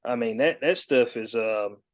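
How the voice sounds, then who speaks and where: A man hosting a podcast in casual chat, relaxed and slangy, acting out a rude clerk. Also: mid-range voice, unhurried. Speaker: podcast host.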